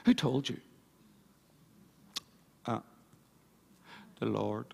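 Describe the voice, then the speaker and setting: Gravelly, husky male pastor preaching. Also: mid-range voice, very animated, very slow, a little mellow. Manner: emphatic preaching with repeated phrases. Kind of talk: sermon. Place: church service before a congregation.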